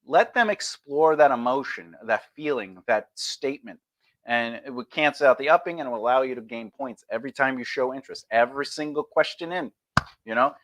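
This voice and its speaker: A man's voice: mid-range voice, a little fast, fairly bright tone. A man streaming a casual lesson on conversation skills, talking loosely and acting out example replies.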